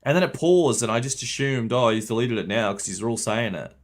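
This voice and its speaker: Chatting casually with his viewers during a game stream, a young man speaks in a brisk, mid-range voice. He swears and laughs a lot throughout the livestream commentary.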